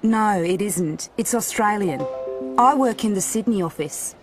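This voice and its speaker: A woman voicing a friendly female sales manager in a textbook listening dialogue, clear and even. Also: medium pitch, unhurried, music in the background, close to an everyday voice.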